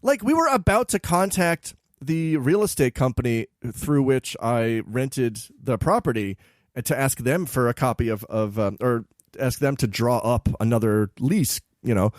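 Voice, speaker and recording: A man's voice: medium pitch, lively intonation, moderate pace, no echo, studio quality. A man co-hosting a casual podcast chat, telling a long story with energy and acting out the people in it. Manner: says he is loud and over-caffeinated. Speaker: podcast co-host and bar owner.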